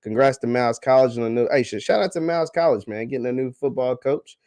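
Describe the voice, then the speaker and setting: A man hosts a casual livestream chat, reading viewer comments in a slangy, teasing way that swings between loud and quiet. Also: medium pitch, expressive, fast talker, no room sound.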